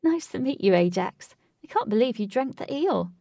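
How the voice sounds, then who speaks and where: A cheerful young woman in a storybook, light and playful, lifted higher than the narration, as a woman narrator puts her on. A gravelly texture stays underneath in a dry, close recording. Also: very animated, normal speed, warm tone, dry recording.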